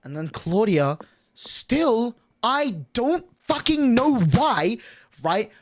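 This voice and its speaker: A man's voice: very high voice, big pitch swings, extremely slow. A young adult man streaming, telling a story casually to his chat, swearing often and filling with "like". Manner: crude, swears a lot, lots of "like" fillers.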